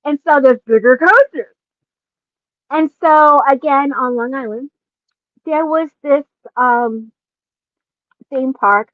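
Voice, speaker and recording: A woman in her forties, a podcast host, casually telling a personal story with lots of laughing and animated asides. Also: sits high, slow, long pauses, no room sound, muffled recording.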